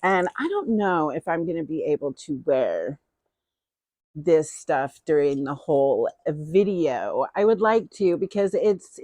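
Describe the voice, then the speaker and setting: A woman's voice: low-pitched, animated, measured pace, warm tone, no room sound. A middle-aged woman hosting a casual haul vlog, chatty and playful, often repeating her phrases. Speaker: host.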